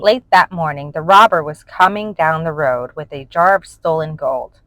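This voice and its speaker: A woman reading a children's storybook aloud in an expressive, animated way. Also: low-pitched, moderate pace, no room sound, poor audio. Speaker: storybook reader.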